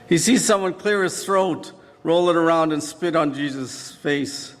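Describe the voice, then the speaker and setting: A man preaching a sermon, telling a dramatic story in an earnest, vivid way. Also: a little high. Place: church sanctuary. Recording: long church reverb.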